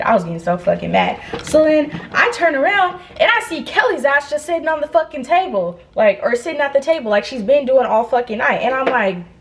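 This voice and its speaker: A young woman casually recounting a wild night in a storytime vlog, animated and full of profane slang. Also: a little high, low-quality recording. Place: indoors, getting ready.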